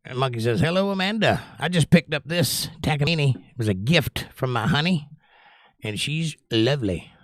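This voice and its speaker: Lively older man reading his chat. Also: fairly high pitch, moderate pace, no echo, clean studio sound. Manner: animated, reads chat aloud and jokes. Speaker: livestream host and musician. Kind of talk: casual chat reading live comments.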